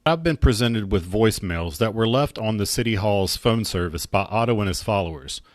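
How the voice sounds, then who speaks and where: A man narrating in a measured, serious way. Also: lowish voice, animated, no room sound, clean studio sound. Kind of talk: scripted narration.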